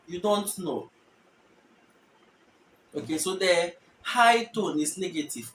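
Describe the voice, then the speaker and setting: A man teaching a language lesson, explaining patiently and repeating example phrases slowly with stressed tones. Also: high voice, animated, roomy sound, recorded from a distance, poor audio.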